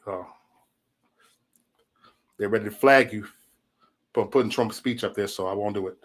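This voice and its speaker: A man with a fairly low voice hosts his livestream at a moderate pace, delivering a casual rant that's loose, profane, and rambling, full of animated storytelling.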